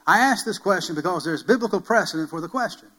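Bright-voiced emphatic male pastor preaching. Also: sits high, expressive, fast, poor audio. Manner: emphatic, repeats key phrases, builds to loud calls; rhetorical questions to the congregation. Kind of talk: sermon.

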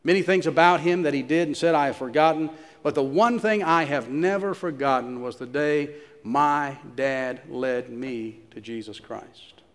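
A pastor preaching a sermon, telling a story and repeating phrases for emphasis. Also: male voice, a little high, moderate pace, a bit bright, in a large hall.

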